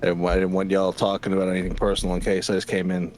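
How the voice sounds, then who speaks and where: Low-voiced Irish man, dry joker. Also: completely flat delivery, very fast, darkish tone, slight background noise. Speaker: streamer. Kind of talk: casual chat over voice call.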